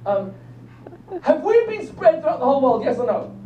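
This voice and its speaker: An older man, a rabbi giving a lively lecture that quizzes the audience and jokes with them. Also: very high voice, moderate pace. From England. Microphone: phone recording from the audience. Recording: distant, echoey, dull phone recording with faint hum.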